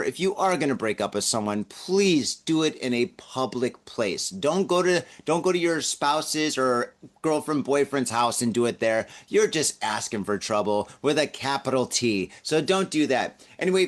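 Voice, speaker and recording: A man's voice: a little high, expressive, normal speed, hardly any pauses. A man in his forties hosting a podcast, chatting casually through the news with jokey laughing asides while hungover. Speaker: podcast host.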